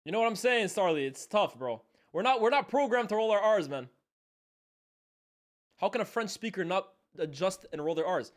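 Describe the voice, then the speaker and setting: Excitable young streamer man, slightly high. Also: normal speed. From Canada. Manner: casual slangy chatter, loud reactions then quiet asides. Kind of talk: live match watchalong commentary.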